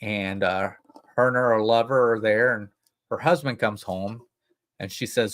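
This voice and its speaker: A man's voice: fairly low pitch, fairly even intonation, a little fast, a bit bright. A man co-hosting a family livestream, telling a long joke in a folksy, rambling way. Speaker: livestream co-host. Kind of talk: casual family chat, telling jokes.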